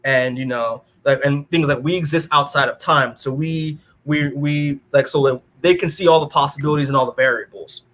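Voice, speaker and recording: A man's voice: a little high, moderate pace, hardly any pauses, fairly bright tone. A man co-hosting a comic-book podcast, recapping the story in a rambling, casual way with lots of filler words and restarts. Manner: rambling recap full of "like" and restarts, quoting characters in his own voice. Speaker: podcast co-host.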